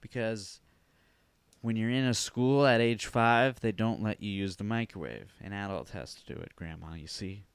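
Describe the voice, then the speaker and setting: A man hosting a podcast, telling a comic story in an animated, profane way with sudden shouted bursts. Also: fairly low pitch, normal speed, gravelly, clean tone, dry recording. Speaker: podcast host. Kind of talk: comedic storytelling monologue.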